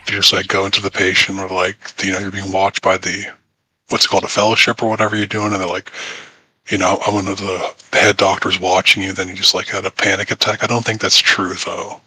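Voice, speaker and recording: A man's voice: low-pitched, little pitch movement, quick pace, pushed and bright, husky, no echo, rough recording. A man in a casual group voice chat, teasing and needling the others.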